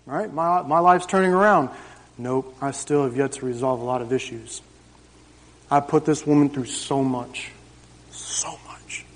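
Unhurried and mid-range in pitch, a man in his thirties tells his personal testimony to fellow churchgoers during a service. He recounts it emphatically, in a conversational way. The church hall is reverberant.

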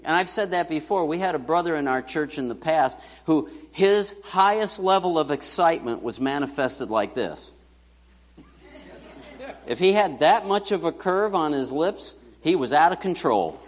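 A man's voice: a little high, lively intonation, moderate pace, a little hiss or hum. A man preaching a sermon as pastor, chatty and joking, putting questions to the congregation. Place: church hall. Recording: church hall reverb.

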